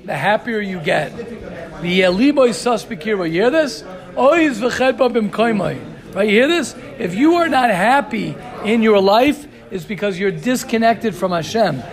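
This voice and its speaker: A Torah teacher with a high voice leads a class, racing through Hebrew text before explaining it excitedly. He keeps checking in with "right?" and "you hear this?"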